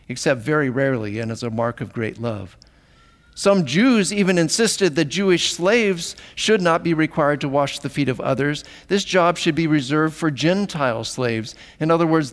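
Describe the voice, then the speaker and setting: A man preaching from the pulpit with a fairly high voice. He delivers his sermon with animated, emphatic phrasing and repeats words for emphasis. The sound rings with a long hall reverb, as in a church sanctuary. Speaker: pastor.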